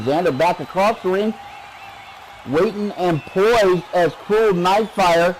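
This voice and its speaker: A man doing play-by-play wrestling commentary, excitable and joking, his voice climbing during the action. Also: a little high, a little hiss or hum, poor audio.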